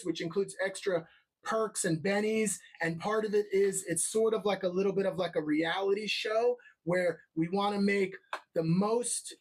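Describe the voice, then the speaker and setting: A man hosting a live show who rambles loosely, keeps checking in with the audience, and slips into an upbeat promotional pitch. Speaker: show host.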